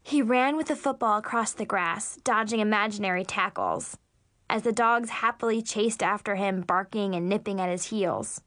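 A woman narrating a first-person teen story in a lively, expressive way. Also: mid-range voice, normal speed, dry recording, clean studio sound. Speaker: audiobook narrator.

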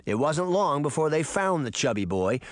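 A man reading a storybook aloud with an expressive delivery. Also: fairly high pitch, normal speed, no echo. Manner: animated, expressive. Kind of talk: storybook narration.

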